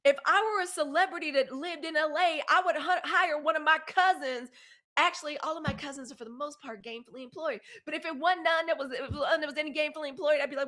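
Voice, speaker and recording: A high, sharp-toned voice and fast delivery mark this woman in her fifties. Hosting a casual live news stream with a Southern accent, the Mississippi native talks right to her audience.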